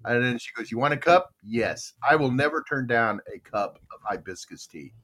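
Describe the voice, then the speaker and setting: A man's voice: mid-range voice, normal speed. An older man hosting a casual podcast chat, telling stories and reading listener comments aloud. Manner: animated storyteller, reads chat comments aloud. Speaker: podcast host.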